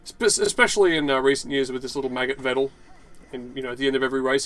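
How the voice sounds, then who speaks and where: A man's voice: mid-range voice, very fast, fairly bright tone, low-quality recording. A man ranting in a casual vlog, sarcastic, dismissive and sprinkled with swearing. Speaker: video blogger.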